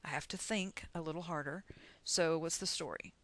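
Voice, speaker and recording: A woman's voice: sits low, moderate pace, fairly bright tone, dry recording. A middle-aged woman from the United States teaching chemistry in a recorded lecture, chatty and encouraging as she talks through calculations aloud.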